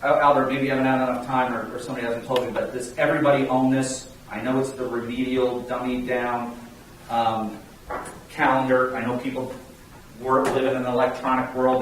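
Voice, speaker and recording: A man coaching a sales team in an emphatic, energetic, pleading way. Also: mid-range voice. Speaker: sales trainer. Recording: echoey room, mic far off, faint hiss.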